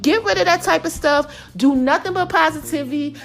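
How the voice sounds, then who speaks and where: A woman's voice: sits high, brisk, vocal fry, fairly bright tone, faint music behind. A middle-aged woman, hosting her own podcast as a passionate, preachy motivational monologue addressed straight to listeners. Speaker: podcast host.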